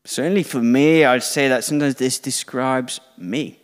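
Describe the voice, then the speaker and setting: A man's voice: mid-range voice, normal speed, clean tone, long reverb tail. A middle-aged man preaching a conversational, self-deprecating sermon to a church congregation, now and then acting out quoted dialogue.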